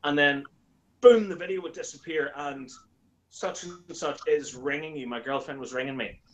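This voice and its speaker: A man chatting casually as a guest, an animated storyteller who acts out quoted lines in a higher voice. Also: normal speed, slight background noise, low-quality recording. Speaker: YouTuber guest. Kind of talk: casual chat.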